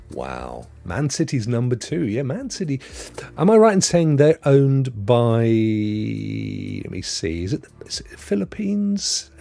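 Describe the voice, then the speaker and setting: His medium-pitched voice is husky and dark, with vocal fry. This man in his fifties, from England, has an accent mixing the Potteries and Sydney with a little Devon. He hosts a live stream, chatting matily and rambling as he reads viewers' comments.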